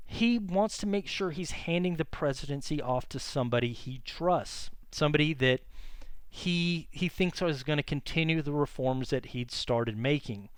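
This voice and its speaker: A man teaches history in a loose, chatty lecture, often pausing on fillers and correcting himself mid-sentence. His voice is smooth and clear, at a middle pitch, and recorded close and dry with no room sound. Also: no room sound. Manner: casual and conversational, many fillers and self-corrections.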